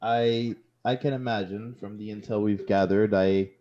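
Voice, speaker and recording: A man's voice: lowish voice, steady tone, mellow, lightly acted. A man playing an earnest, rambling young ninja. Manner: rambling, halting, with many restarts. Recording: slightly dull lo-fi audio.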